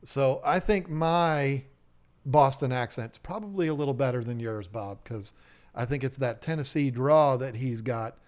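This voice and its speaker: A man co-hosting a live stream about aquarium fish, reading viewer messages and rambling through jokes and stories in an excitable, chatty way. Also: medium pitch, unhurried. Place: fish shop owner's live stream setup.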